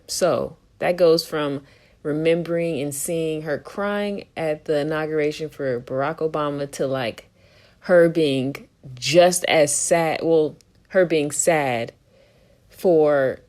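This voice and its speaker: A woman's voice: low voice, darkish tone. A woman co-hosting a podcast, talking candidly and with plenty of swearing, exasperated and laughing often. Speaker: podcast co-host. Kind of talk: casual opinion chat.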